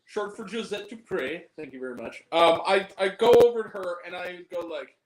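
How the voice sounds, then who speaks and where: A man hosting a casual stream, joking loudly and swearing between giggles. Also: sits high, moderate pace, echoey room, a crowd in the background, low-quality recording. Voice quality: crude, loud, giggly banter. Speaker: host. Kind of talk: casual profane chat.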